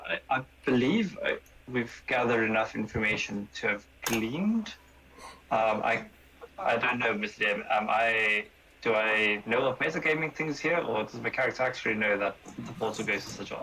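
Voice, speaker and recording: A man's voice: medium pitch, creaky, bright, forceful tone, slight background noise, low-quality recording. A man playing a tabletop game, speaking hesitantly as he works through his options. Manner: hesitant, many fillers and restarts. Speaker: player. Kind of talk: casual game chat.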